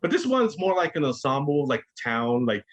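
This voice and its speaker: Podcast guy, kinda high voice, laid back and cussing, does silly voices for the characters. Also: sing-song, normal speed. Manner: laid-back, profane, acts out lines in mocking voices. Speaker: podcast guest. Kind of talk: casual chat.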